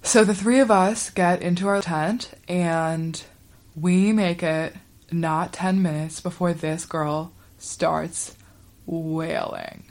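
A woman's voice: fairly low pitch, fairly even intonation, takes it slowly, darkish tone. A young woman hosting a podcast, telling a story in a chatty, wry way with the odd swear. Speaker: podcast host. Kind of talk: casual storytelling.

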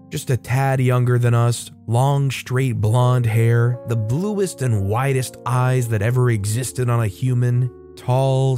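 A man's voice: mid-range voice, darkish tone. A man reading online stories aloud as a show host, telling them playfully and expressively with sudden lifts in his voice. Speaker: story narrator and show host.

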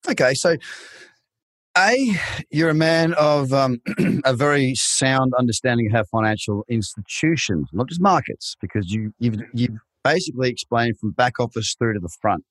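A man hosting a podcast interview, full of jokes and showman patter. His voice is mid-pitched and sits dry and close to the mic. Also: normal speed, no room sound. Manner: jokey, animated showman patter. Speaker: host.

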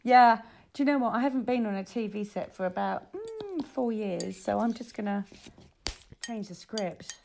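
A woman co-hosting a casual podcast chat. Her voice sits high and swings widely in pitch. She is excitable and laughs often as she talks. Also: normal speed, creaky, hardly any pauses. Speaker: podcast co-host. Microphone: earphones in.

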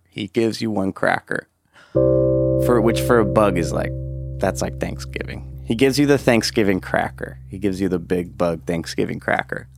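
A man improvising a comedic story in a rambling, halting way, with many fillers and frequent throat clearing. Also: sits low. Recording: loud guitar music behind. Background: guitar music.

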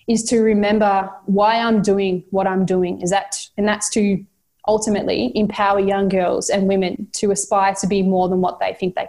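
A woman's voice: mid-range voice, a little mellow. A woman football coach with an Australian accent, giving heartfelt, motivational interview answers and often repeating herself while she thinks.

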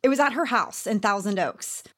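A woman's voice: mid-range voice, animated, moderate pace, a bit bright. A woman with a Southern US accent co-hosting a podcast, chatting frankly and animatedly, swearing freely and saying y'all. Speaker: podcast co-host, beauty writer. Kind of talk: casual gossip chat.

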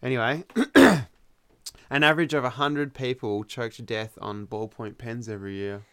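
A man's voice: mid-range voice, fairly even intonation, normal speed, a bit bright, clean tone, dry recording. A man co-hosting a podcast, wryly reading trivia facts in casual chat. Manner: wry, reads trivia aloud. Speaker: podcast co-host. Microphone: studio microphone.

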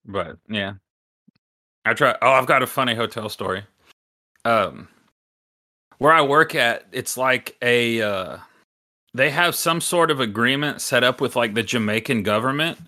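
A man's voice: mid-range voice, a little slow, long pauses, pushed and bright. A man hosting a podcast, telling a story in a rambling, casual way with lots of filler words and some swearing. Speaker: podcast host.

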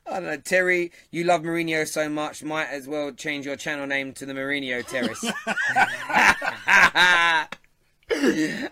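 Against a noisy background, a London-accented football show host speaks at normal speed with few pauses in a voice on the high side. It's a casual live-stream: he reads out viewer comments, banters with the chat and laughs a lot.

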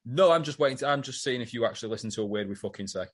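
A man's voice: mid-range voice, animated, racing, breathy edge. A man co-hosting a casual podcast, teasing the others and correcting the details of the plot. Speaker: podcast co-host. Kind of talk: casual chat.

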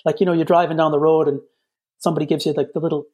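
A man's voice: fairly high pitch, flat delivery, rapid-fire, darkish tone, slightly rough, muffled recording. An Irish man, a guest in casual chat, who rambles and leans on "you know" a lot. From Ireland.

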